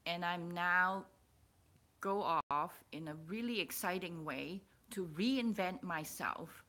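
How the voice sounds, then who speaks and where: Slow-talking, emotional woman vlogger. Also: lowish voice. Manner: rambling, restarts and repeats words, excitable. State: emotional, stirred up. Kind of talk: personal vlog, emotional monologue.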